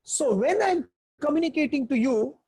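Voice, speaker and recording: A woman giving an earnest spiritual lecture on Vedanta, teaching in a measured way and repeating key phrases. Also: sits high, lively intonation, dark tone.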